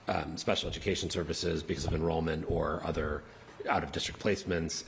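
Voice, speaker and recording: Low-voiced man explaining budget numbers. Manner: explanatory, halting restarts. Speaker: town official presenting budget. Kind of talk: meeting discussion. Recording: faint room noise, public meeting.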